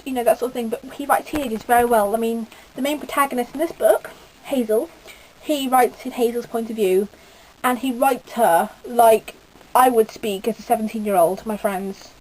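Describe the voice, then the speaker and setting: A woman's voice: a little high, steady tone, normal speed, a little mellow, slight background noise, rough recording. A teenage girl from the UK giving a rambling, gushing casual book review with lots of fillers. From United Kingdom. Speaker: book vlogger.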